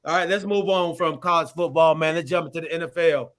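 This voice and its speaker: Man, sports show host, slangy greetings, bright voice, a bit high. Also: quick pace. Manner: greets chat viewers loosely, slangy. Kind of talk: casual sports talk show hosting.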